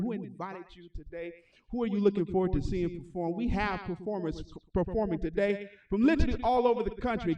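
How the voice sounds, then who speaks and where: A man hosting a livestreamed recital as the music school's founder, with energetic, repetitive hype-man talk. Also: high-pitched, recorded from a distance. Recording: echoey room, voice off-mic.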